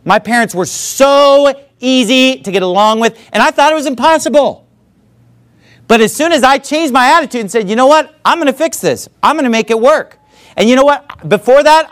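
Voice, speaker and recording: Emphatic, high-pitched preaching man. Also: smooth. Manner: emphatic, conversational preaching with repeated asides. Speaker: pastor. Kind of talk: sermon.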